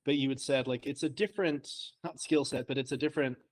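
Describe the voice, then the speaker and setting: A man, a high school English teacher, chatting casually and telling self-deprecating stories with frequent laughs. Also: steady tone, fast talker. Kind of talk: casual chat.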